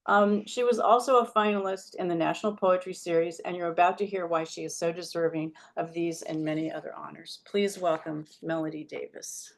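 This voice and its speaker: A woman's voice: lowish voice, fairly even intonation, a little fast, few pauses. A woman hosting a poetry reading, introducing the next poet in a chatty way, full of fillers, asides and earnest praise. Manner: earnest, gets choked up.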